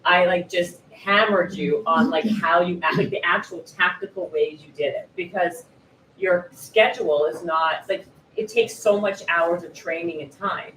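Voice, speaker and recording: Woman interviewer at a live author event; chatty, halting questions; distant mic, faint background hiss. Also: fairly low pitch, fairly bright tone. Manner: halting, restarts, filler-heavy questions. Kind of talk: conversational interview at a book event. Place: bookshop event space. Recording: roomy echo, distant mic, faint noise.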